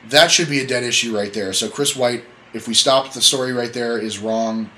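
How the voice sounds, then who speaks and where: A man's voice: mid-range voice, normal speed, bright, forceful tone, slight background noise, rough recording. A man hosting a casual podcast chat, telling a story in a rambling, joking way and correcting himself as he goes. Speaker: podcast host.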